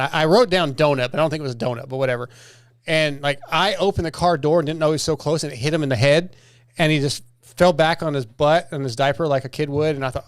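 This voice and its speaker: A man in his forties hosts a casual podcast chat, laughing his way through family stories and acting out the voices in them. His voice sits a little high and sounds smooth and clear. The sound is close and dry, with no room around it. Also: dry recording. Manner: laughing storyteller, acts out quoted voices. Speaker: podcast host.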